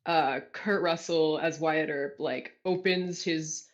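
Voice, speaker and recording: An author from California talks over a video call, telling stories in an animated, self-deprecating way and laughing often. The audio sounds dull and lo-fi, with a middling voice. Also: medium pitch, slow. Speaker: guest author. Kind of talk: casual interview storytelling.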